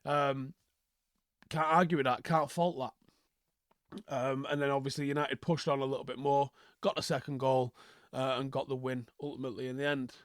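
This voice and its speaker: A man's voice: medium pitch, little pitch movement, normal speed, no echo, clean studio sound. A young man hosting a football channel, giving a casual match review in a chatty way with many fillers and restarts.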